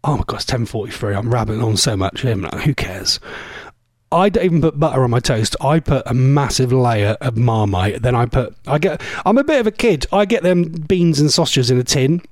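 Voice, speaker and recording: A man presenting a casual radio show, rambling and chatty, his voice going a bit hoarse. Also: medium pitch, expressive, normal speed, no room sound. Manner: rambling, chatty, laughs often.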